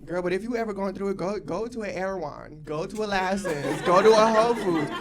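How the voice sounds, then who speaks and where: A stand-up storyteller from Los Angeles doing a loud, profane set that swings from low asides to laughing shouts, on a comedy stage. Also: fairly quick, hardly any pauses, a faint crowd. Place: comedy stage with live audience. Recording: live room with audience noise.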